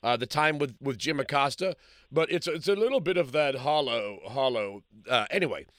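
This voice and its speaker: A man's voice: mid-range voice, lively intonation, moderate pace, a bit bright, no echo, clean studio sound. A man hosting a call-in radio talk show, chatting loosely with frequent restarts and fillers.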